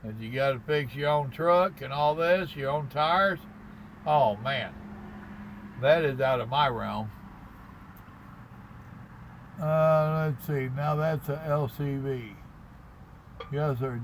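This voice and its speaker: Slow-talking trucker, folksy drawl. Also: male voice, medium pitch, a little hiss or hum, low-quality recording. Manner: folksy, slow drawl, calls people brother. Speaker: truck driver hosting a live stream. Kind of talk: casual live chat reading viewer comments. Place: parked in his truck cab at a stop.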